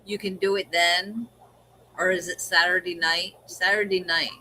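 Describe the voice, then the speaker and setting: A woman's voice: on the low side, steady tone, normal speed, sharp tone, slight background noise, poor audio. A woman hosting a casual live stream, explaining things in a rambling way. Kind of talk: casual chat.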